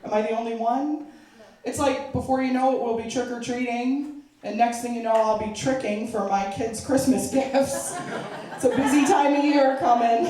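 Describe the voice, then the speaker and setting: A middle-aged woman doing a stand-up comedy set, chatty and self-mocking, laughing at her own jokes. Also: mid-range voice. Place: charity event hall. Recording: echoey room, mic far off.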